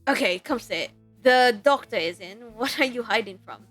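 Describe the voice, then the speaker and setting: A woman's voice: a little high, lively intonation, moderate pace, a bit bright, faint music behind. A woman voicing a lazy, drunk young male punk with a laid-back, teasing drawl. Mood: wry.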